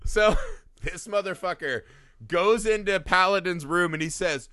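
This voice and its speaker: A man with a bright, forceful voice pitched a bit high, riffing animatedly on a movie in casual podcast chat. He swears freely and slips into mocking impressions. The sound is dry and close. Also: unhurried, no room sound. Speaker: podcast co-host.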